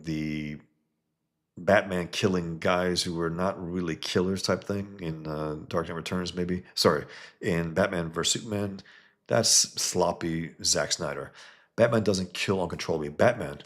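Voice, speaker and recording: A man's voice: a little slow, fairly bright tone. A man, a comics creator, talking in a heated, blunt monologue and mocking other views. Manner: heated, blunt, mocks others with sudden high put-on voices. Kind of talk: casual opinionated monologue.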